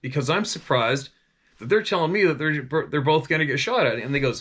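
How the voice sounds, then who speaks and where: A man's voice: a little high, a little fast, a bit bright, husky. A middle-aged man from Vancouver Island, a hunting guide telling stories in a rambling, profane way that often restarts mid-sentence. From Vancouver Island, Canada. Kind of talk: casual storytelling.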